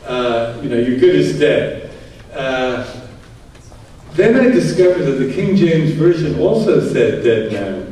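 Male translator-lecturer, slow and measured, thinking aloud, recorded from a distance in a roomy space. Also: medium pitch, mellow. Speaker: Bible translator giving a talk. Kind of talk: lecture with read-aloud passages. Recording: distant mic in echoey room, faint noise.

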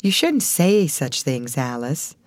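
A woman reading the lines of a gentle, cautious young woman in an audiobook. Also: extremely low pitch, big pitch swings, slow, no echo, clean studio sound, exaggerated voice.

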